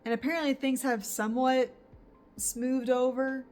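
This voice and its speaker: A woman's voice: medium pitch, moderate pace, soft background music. A young woman book vlogger chatting casually at home about a novel she is reading, reacting with laughs. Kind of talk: casual reading vlog chat. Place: home in the countryside.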